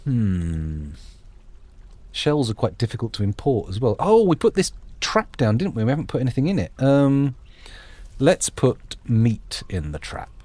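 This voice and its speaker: A man's voice: mid-range voice, big pitch swings, a little slow, dark tone, dry recording. A man hosting a gameplay video, thinking aloud in a jokey, self-deprecating ramble. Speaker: gameplay host. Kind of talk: rambling let's-play commentary.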